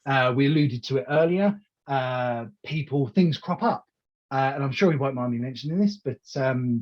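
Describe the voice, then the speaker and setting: A man in casual interview chat as a wrestling promoter, telling animated stories full of restarts and acted-out quotes. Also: fairly high pitch, dull audio. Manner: animated storyteller who acts out quoted lines, with many restarts.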